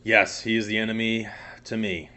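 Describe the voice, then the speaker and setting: A man's voice: fairly low pitch, level tone, moderate pace, bright, forceful tone, slight background noise. Young man rambling about football. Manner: rambling, frequent fillers and swearing. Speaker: podcast co-host. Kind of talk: casual sports chat.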